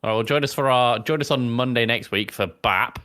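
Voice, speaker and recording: A man's voice: mid-range voice, fairly quick, pushed and bright, clear, resonant tone. A man co-hosting a podcast, explaining game details and cracking wry jokes. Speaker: podcast co-host and editor. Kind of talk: casual banter.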